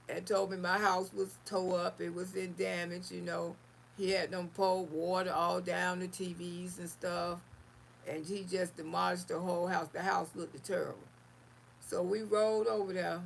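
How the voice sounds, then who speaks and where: A woman hosting a live stream, telling a personal story in an animated, casual way and calling listeners honey. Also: lowish voice, gravelly, a little hiss or hum.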